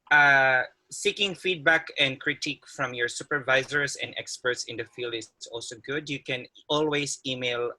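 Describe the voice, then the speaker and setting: A man with a mid-range, bright voice and a forceful tone gives a friendly webinar presentation over a video call as a guest speaker; he is an occupational therapist. He laughs often and restarts his sentences, and the recording quality is low.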